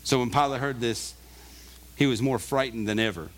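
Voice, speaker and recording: A man's voice: medium pitch, moderate pace, a little hiss or hum. Brief: male pastor, earnest conversational sermon, mid-range voice, emphatic when pressing a point.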